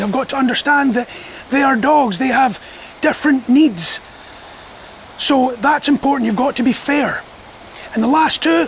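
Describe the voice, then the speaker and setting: A dog trainer talks through his methods in a calm, firm, measured lesson. His voice sits very high with a gravelly edge. Light background noise and passing traffic sit under the speech. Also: low-quality recording. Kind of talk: instructional talk to camera.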